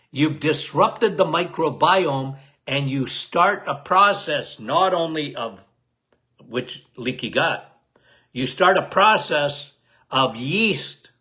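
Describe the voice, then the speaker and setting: Loud and emphatic, unable to bring his volume down, this man hosts a casual health podcast. His bright, forceful voice is pitched a bit high and slow-paced, and he keeps repeating key phrases while addressing listeners as "guys."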